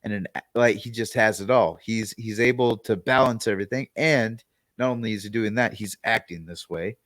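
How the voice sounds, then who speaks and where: A man co-hosting a podcast in casual chat, relaxed and loose with fillers. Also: lowish voice, brisk, no echo, studio quality. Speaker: podcast co-host.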